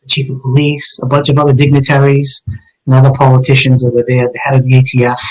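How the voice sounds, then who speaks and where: A man's voice: mid-range voice, monotone, fast, a little mellow, low-quality recording. Earnest man telling a personal story. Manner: earnest, emotional recounting with frequent fillers. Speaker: guest, retired police detective.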